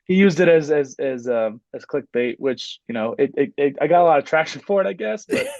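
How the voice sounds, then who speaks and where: A man's voice: a little high, expressive, a little fast, darkish tone, no room sound. Young guy coach rambling on a podcast, lots of ums, dry lo-fi sound. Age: 20s. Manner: rambling, lots of fillers and restarts. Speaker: podcast guest, assistant basketball coach. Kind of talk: casual interview chat.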